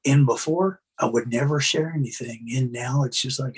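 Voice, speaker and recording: A husky-voiced man talks through his recovery story as a podcast guest. He comes across as earnest and openly emotional. He speaks bluntly, with some swearing, in casual conversation. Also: medium pitch, moderate pace, few pauses.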